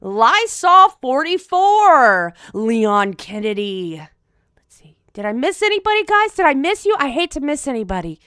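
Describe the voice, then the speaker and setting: Bright, breathless, high-voiced woman host. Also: very animated. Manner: rapid, playful, giggly. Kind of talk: comedic livestream chat.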